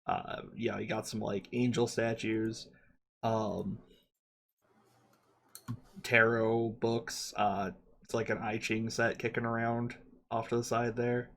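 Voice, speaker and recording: A man's voice: lowish voice, flat delivery, slow, gravelly, pauses often, a bit bright. Laid-back man running a tabletop game. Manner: loose, chatty, laughs easily. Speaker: game master.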